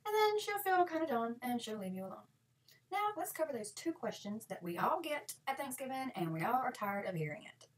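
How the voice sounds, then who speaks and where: A woman in her thirties rattles off sarcastic comic advice, her voice fairly high and swooping all over. She sounds a little distant from the mic, with a faint hiss behind her. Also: fairly quick. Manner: sarcastic, lively, switches into mock voices. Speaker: comedy vlogger.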